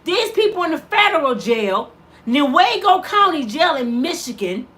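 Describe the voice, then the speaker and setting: Middle-aged woman, impassioned vlog monologue, preachy rhetorical questions, casual dialect, fairly high voice, very animated pitch. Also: moderate pace. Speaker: mother of an inmate, vlogger.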